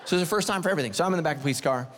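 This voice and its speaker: A senior pastor preaching with the animated, self-mocking timing of a storyteller. His male voice sits high, and each line rings out with a long church-hall reverb. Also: very fast. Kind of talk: humorous sermon storytelling.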